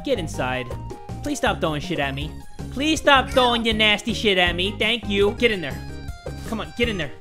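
A young man with a high voice hosts video game commentary, excitable and joking, breaking into loud outbursts. Music plays clearly in the background throughout. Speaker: gaming channel host.

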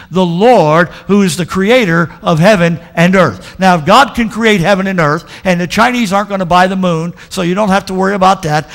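A man's voice: sits high, vocal fry. A man pastor preaching a folksy, emphatic sermon with lots of repetition.

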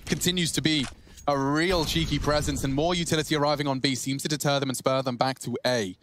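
A man commentating live esports play-by-play, chatty and excitable, lifting his voice on big plays. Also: on the high side, quick pace. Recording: clear background clicking noise.

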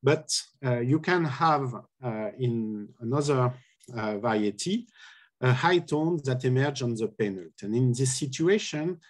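A man giving an academic linguistics talk, explaining step by step and pausing often on "uh". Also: medium pitch, expressive. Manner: halting, many filler "uh"s, careful explanation. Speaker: linguistics lecturer.

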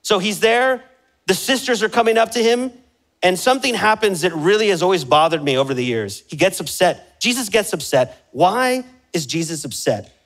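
A man's voice: sits high, animated, moderate pace, fairly bright tone, low-quality recording. A man preaching a sermon as pastor, with passionate emphasis that rises and falls, asking the congregation direct questions. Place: church sanctuary.

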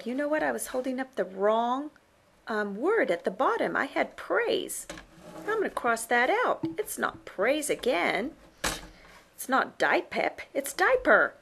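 A woman's voice: on the high side, vocal fry. A woman teaching parents on camera in an upbeat, coaching way, often checking in with the listener. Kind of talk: instructional talk to camera.

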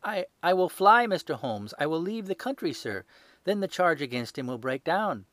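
A man voicing a shrill, panicked young thief. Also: big pitch swings, moderate pace, fairly bright tone, no echo. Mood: desperate. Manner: shrill, desperate pleading. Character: terrified young male hotel thief, pleading.

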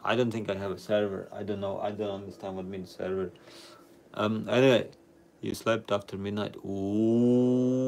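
A laid-back male streamer with a fairly low voice talks slowly and casually with his viewers. Relaxed and chatty, he reads their comments aloud during the live chat.

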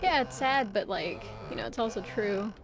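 A woman's voice: mid-range voice, lively intonation, normal speed, over music. A woman streamer chatting casually while playing a game, rambling with lots of fillers. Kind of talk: casual chat while gaming.

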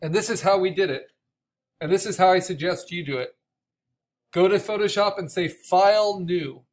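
Man lecturing, raspy from a cough. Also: sits high, normal speed. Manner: explanatory, with frequent restarts and "right?" checks. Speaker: art instructor. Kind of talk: recorded online course lecture.

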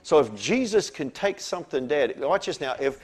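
A male pastor preaching a lively sermon, telling stories and swinging between soft asides and loud exclamations. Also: a little high, moderate pace.

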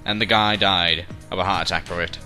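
A man's voice: sits low, fairly even intonation, a little fast, sharp tone, faint music behind. A young man giving casual game commentary at home, rambling and jokey and breaking into silly voices. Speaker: let's play commentator. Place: bedroom at home.

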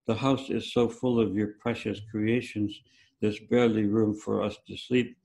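Man reading an impatient village mother, older woman, sharp, low mellow tone. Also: level tone, normal speed, creaky. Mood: scolding. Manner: scolding, then fawning.

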